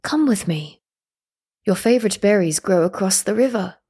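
A woman voicing the calm, kindly spirit of an old grandfather in a storybook reading, speaking softly and slowly. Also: medium pitch, slightly rough. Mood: gentle.

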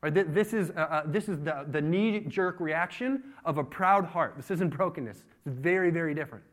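A man preaching a sermon, retelling a story with acted-out voices and sudden loud outbursts. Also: fairly high pitch, moderate pace. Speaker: pastor.

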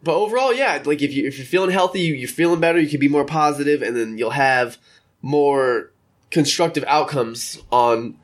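A man's voice: fairly high pitch, animated, normal speed. A young man in casual, rambling vlog chat, talking from a room by a window and acting out little quotes. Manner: rambling, chatty, acts out quotes. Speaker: vlogger.

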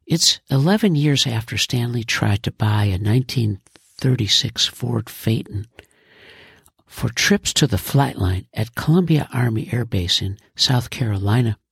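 A man narrating a scripted audio drama slowly and in a measured way. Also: medium pitch, expressive, vocal fry, a bit bright, husky, no echo, clean studio sound. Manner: slow and measured. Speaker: writer and narrator.

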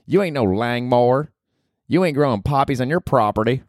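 A man putting on the voice of a rough, foul-mouthed young woman from the rural Ozarks, with a put-on drawl, sneering and swearing. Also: mid-range voice, animated, normal speed, no room sound, clean studio sound, pitched above the performer's own voice, lightly acted. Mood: scornful.

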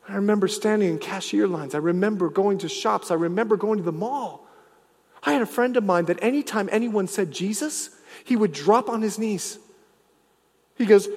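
High-voiced preacher guy, super lively, booms then drops to a near hush, big echoey hall. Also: brisk. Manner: dramatic swings from loud to hushed. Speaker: pastor. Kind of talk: sermon.

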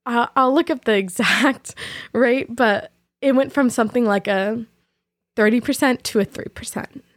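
A young woman speaks as the host of her own podcast, telling a personal story in a reflective, candid way. Her voice sits at a medium pitch, and soft laughs come between her thoughts. The recording is dry and close, with no room sound. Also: no room sound.

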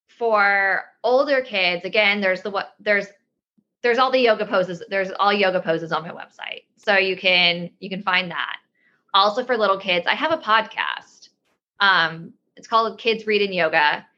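A woman's voice: medium pitch, measured pace, pushed and bright, dull audio. A woman in her thirties, a yoga teacher guest on a podcast, explaining things in a rambling way with many restarts. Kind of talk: casual interview talk.

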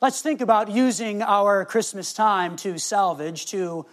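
A middle-aged man preaching a sermon, telling a family story and slowing down to stress key words. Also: sits high, fairly bright tone. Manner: storytelling, varies pace for emphasis. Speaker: pastor.

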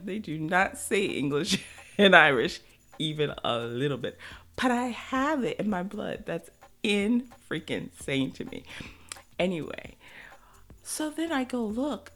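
A woman in her thirties hosting a podcast, chatting casually and excitedly, laughing often as she gives listener shout-outs. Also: lowish voice, moderate pace. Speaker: podcast host. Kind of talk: casual solo podcast chat.

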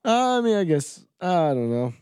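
A man's voice: high-pitched, big pitch swings, normal speed, a little mellow, clear, resonant tone, no echo, studio quality. A man co-hosting a podcast in casual chat, joking and laid-back. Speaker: podcast co-host.

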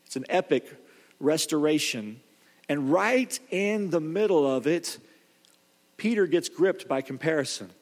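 A man preaching with a high, lifted voice, telling the story with animated drive and frequent restarts. His words ring out with a long reverb from a large hall. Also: a little slow. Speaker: pastor. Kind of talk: sermon.

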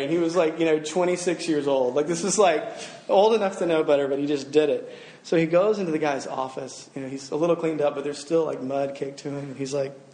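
A man's voice: a little high, fairly quick, a little mellow, echoey room. A man preaching a sermon, telling a story in a loose, casual way with many fillers. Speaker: pastor.

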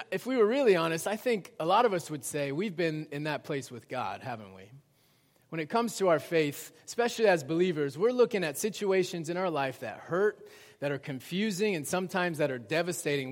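A man's voice: fairly high pitch, normal speed. Conversational pastor, man, hall reverb. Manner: conversational, swings between animated and hushed. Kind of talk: sermon with personal story.

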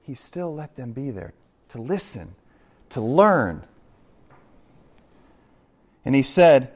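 A middle-aged man preaching a conversational verse-by-verse sermon, animated, with joking asides and acted-out quotes. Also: lowish voice, measured pace, pauses often. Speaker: pastor.

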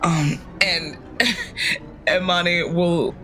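A woman's voice: fairly low pitch, steady tone, very slow, fairly bright tone. A woman playing a character in a tabletop role-play game. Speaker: player.

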